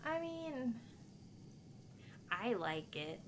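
A woman's voice: a little high, sing-song, very slow, background noise. A woman streamer chatting casually with viewers while she plays, laughing often and cooing at her pet. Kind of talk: casual live-stream chat.

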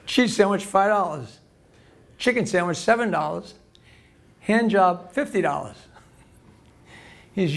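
High-pitched bawdy comedy club host. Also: male voice, expressive, measured pace, gravelly, pauses often. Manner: bawdy, laughs at own jokes. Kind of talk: stand-up joke telling.

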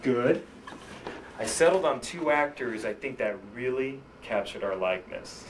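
A man's voice: mid-range voice, lively intonation, a little slow, noisy background, natural voice. A man playing a cynical, unpublished writer who directs his own film, giving dry, smug retorts. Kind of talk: indie comedy drama acting.

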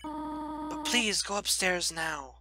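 A man voicing a gentle, motherly female goat monster in a game voice-over, talking softly and formally with a sorrowful tone. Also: sits high, big pitch swings, slow pace, background noise, exaggerated voice. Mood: pleading. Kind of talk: game voice-over role-play.

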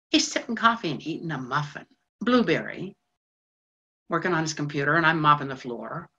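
A woman's voice: sits low, pushed and bright, husky, highs cut off, heavily acted. An actress playing a lonely middle-aged female janitor in a stage monologue, confiding in a rush of feeling. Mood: wistful. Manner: confiding, breathless rushes of feeling. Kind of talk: stage monologue in a theatre broadcast.

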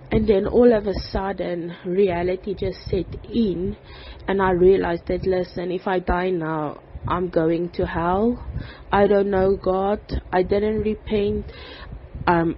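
A woman gives a personal faith testimony. She speaks haltingly and fills her pauses with "like" and "um". The recording is dull and lo-fi, with a faint hiss behind her. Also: mid-range voice. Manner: halting, with frequent "like" and "um".

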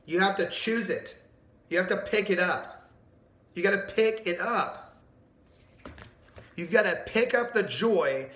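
Male pastor, middle-aged, high bright voice, emphatic sermon delivery, echoey room. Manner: animated, emphatic, asks the audience questions.

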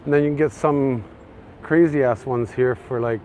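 A Canadian man narrating a casual walking tour of city streets, chatty and excitable. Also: mid-range voice, moderate pace, highs cut off. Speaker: vlogger. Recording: faint outdoor street noise. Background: faint traffic and street noise.

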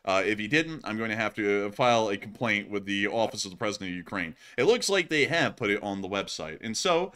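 A young man hosting a casual war news commentary, animated and jokey. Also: lowish voice, fast talker, few pauses, clean tone. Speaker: host.

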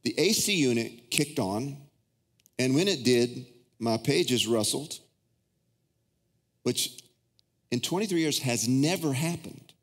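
A middle-aged pastor with a drawl preaching to his congregation, his voice carrying through the long reverb of a big church hall. He sits at a middle pitch in plain narration, then jumps much higher when he acts out his pleading prayers, telling personal stories in a loose, unscripted way. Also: slow pace, pauses often. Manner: storytelling, swings into high excited acted-out prayers. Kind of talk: sermon. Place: large church auditorium.

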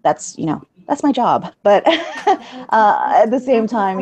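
A woman audiobook narrator with a low register, chatting as an interview guest and laughing often. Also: sing-song, slow pace, a little mellow, faint music behind. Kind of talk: casual interview chat.

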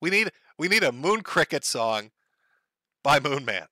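Bright, dry-voiced man riffing on stream. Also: on the high side, very animated, unhurried, no room sound. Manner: crude, joking, laughs often between lines. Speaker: livestream host reading chat. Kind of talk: casual livestream commentary.

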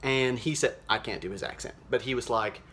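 A man playing a cheerful, naive small-town mom, talking in a folksy, rambling way with many fillers in a deadpan comedic monologue. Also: mid-range voice, brisk. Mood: chirpy. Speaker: social media show host character.

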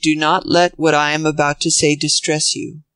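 An old gentleman speaks with grave, earnest kindness, as a reader voices him. The voice sits at a plain middle pitch with a dry, close sound and no room around it. He sounds steady and sincere. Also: moderate pace, clear, resonant tone, dry recording, lightly acted, poor audio. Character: old gentle Southern man, grave and kind.

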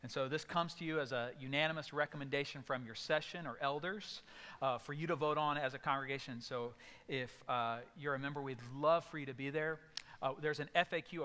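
A man's voice: mid-range voice, bright, forceful tone, clear, resonant tone, big-room sound. A male pastor giving a sermon, telling stories and acting out voices in bursts. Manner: storytelling with sudden acted outbursts. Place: church sanctuary.

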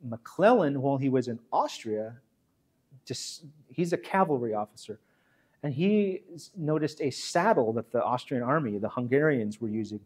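A man's voice: mid-range voice, animated, moderate pace, a little mellow, husky. A man giving a chatty history talk as guest speaker, repeating himself and acting out quotes. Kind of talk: history lecture.

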